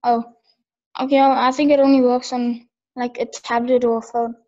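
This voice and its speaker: A woman student explaining something to her teacher in a halting way, searching for words. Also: fairly high pitch, level tone, dark tone. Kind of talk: hesitant classroom explanation. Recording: dull lo-fi call audio.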